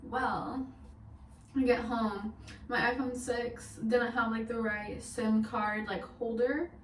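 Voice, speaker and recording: A woman's voice: fairly high pitch, steady tone, takes it slowly, distant mic. A young woman telling a story in a casual vlog, chatty and full of swearing, laughing as she goes. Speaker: vlogger. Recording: echoey room, mic set back, faint hiss.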